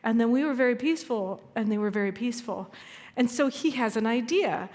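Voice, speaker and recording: A woman's voice: on the high side, a little fast, a little mellow. A woman minister giving a conversational sermon, telling stories with a chatty, self-deprecating humor. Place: church sanctuary. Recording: long hall reverb.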